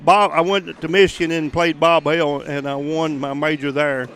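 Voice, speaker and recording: A man's voice: on the high side, little pitch movement, moderate pace, a bit bright, slight background noise. An older man with a Southern US accent, a tournament champion chatting in a rambling, folksy, humble way after his win. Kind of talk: post-match interview chat.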